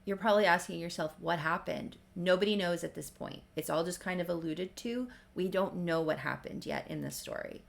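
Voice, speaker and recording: A woman's voice: lowish voice, a little fast, gravelly, hardly any pauses. A woman casually recapping a soap story as a video creator, chatty and wry. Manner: chatty, wry, lots of fillers.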